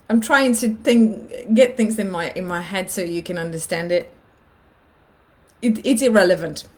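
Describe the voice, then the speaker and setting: Animated woman telling a personal story. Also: medium pitch. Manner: animated, acts out her own inner voice. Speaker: vlogger. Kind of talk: casual storytelling monologue.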